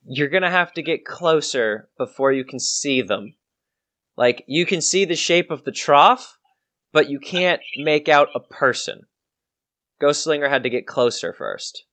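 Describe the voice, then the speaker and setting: A man narrating a tabletop game as game master, descriptive and unhurried with frequent restarts. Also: a little high, expressive, a bit bright.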